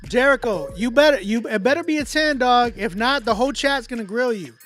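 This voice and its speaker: A man hosting a casual livestream, chatting with viewers in slang and often trailing off into quiet mumbles. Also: extremely high pitch, a little fast, faint music behind. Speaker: livestream host running a song battle.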